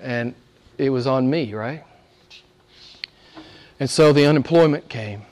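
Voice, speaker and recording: An older man preaching a sermon, shifting from loud emphatic calls to hushed near-whispers and pressing his listeners with rhetorical questions. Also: mid-range voice, slow pace, slight background noise. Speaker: pastor.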